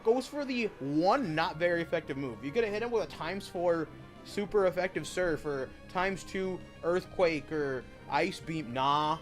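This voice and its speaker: A man's voice: a little high, expressive, measured pace, faint music behind. A young man giving casual gameplay commentary, rambling and opinionated, with frequent swearing. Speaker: gaming streamer.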